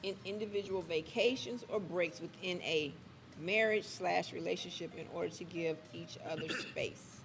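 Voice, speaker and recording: A woman's voice: fairly low pitch, moderate pace, vocal fry, soft background music, low-quality recording. A woman co-hosting a casual live talk show, reading out questions and laughing a lot.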